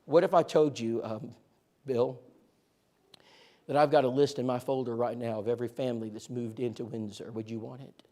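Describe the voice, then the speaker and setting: A man training a church group in outreach, telling stories in a lively, joking way and speaking to listeners directly. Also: mid-range voice, normal speed. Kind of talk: animated storytelling talk to a church group.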